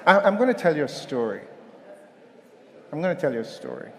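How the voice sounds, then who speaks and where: A man's voice: fairly high pitch, big pitch swings, fairly quick, slight background noise. A man giving a motivational conference talk, telling a story and calling on the audience to respond, recorded in an echoey hall. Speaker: keynote speaker.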